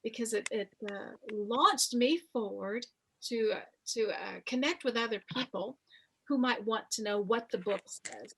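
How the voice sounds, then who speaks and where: A woman in her fifties, an author interviewed about her memoir, telling her story slowly and reflectively with many pauses. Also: a little high, a bit bright, a little hiss or hum. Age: 50s.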